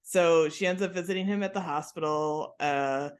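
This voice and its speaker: A woman's voice: low voice, normal speed. A woman co-hosting a podcast, chatting casually and retelling scenes with lots of laughter. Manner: giggly, animated retelling with quoted lines. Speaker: podcast co-host. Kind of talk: casual chat recapping a TV episode.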